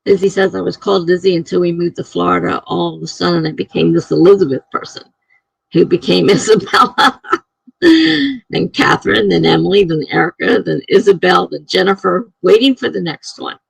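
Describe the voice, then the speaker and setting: A woman's voice: lowish voice, fairly quick, vocal fry, breathy edge, dry recording, rough recording. A middle-aged woman streaming live, chatting casually and chuckling as she reads out viewer comments.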